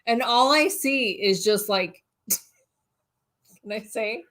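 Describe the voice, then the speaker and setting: Woman cohost chatting on a livestream, animated, laughs a lot while she tells it. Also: a little high, slow. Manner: animated, laughs through the story. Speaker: channel co-host. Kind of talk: casual livestream storytelling.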